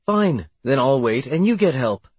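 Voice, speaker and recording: A man's voice: medium pitch, big pitch swings, measured pace, a little mellow, breathy edge, no room sound. A man narrating an audiobook voices a friendly, stubborn young woman who coaxes and insists. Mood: insistent. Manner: coaxing, insistent.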